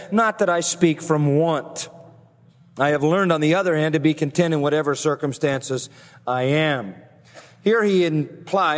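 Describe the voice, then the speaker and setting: Pastor, male, expository sermon, emphatic delivery, somewhat high voice, long hall reverb. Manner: emphatic preaching, voice climbing on key phrases.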